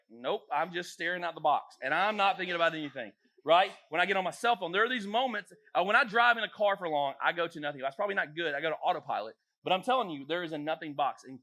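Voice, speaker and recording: Youth pastor, male, quick and bright; playful, animated delivery. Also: high-pitched. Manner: jokey, animated, acts out voices. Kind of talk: casual talk to teens. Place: church youth room.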